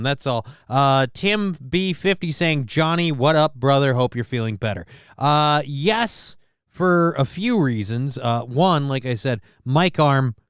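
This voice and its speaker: A male show host chatting loosely into a desk mic on an arm, deliberately dropping his voice lower than it naturally wants to sit. The tone is smooth and clean, and the sound is dry and close with no room around it. He rambles, restarts his sentences and pokes fun at himself. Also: a bit bright, dry recording. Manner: rambling, self-mocking, with many restarts. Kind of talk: casual chat.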